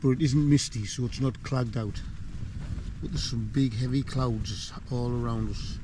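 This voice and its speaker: A man's voice: medium pitch, steady tone, unhurried. An older man chatting casually as he films his wild camp, rambling and poking fun at himself. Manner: rambling, self-deprecating, chatty. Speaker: wild camping vlogger. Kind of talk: casual outdoor vlog. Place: windy hillside campsite outdoors. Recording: wind noise outdoors.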